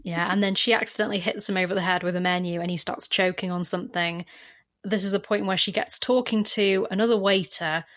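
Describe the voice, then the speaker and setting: A woman's voice: medium pitch, steady tone, a little fast, a bit bright. A woman co-hosting a podcast, recapping a film in wry, casual chat. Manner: chatty, wry, summarizing plot with dry jokes. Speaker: podcast co-host.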